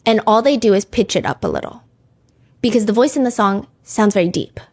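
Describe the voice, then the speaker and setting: A woman's voice: mid-range voice, sing-song, fairly quick. A woman hosting a true crime show in a casual, chatty way, reading song lyrics and comments aloud with many "like" fillers.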